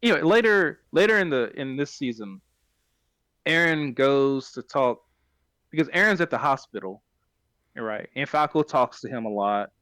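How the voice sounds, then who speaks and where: A man's voice: medium pitch, animated, normal speed, fairly bright tone, no echo. Rambling male podcast host. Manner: rambling, self-correcting retelling. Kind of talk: casual plot recap chat.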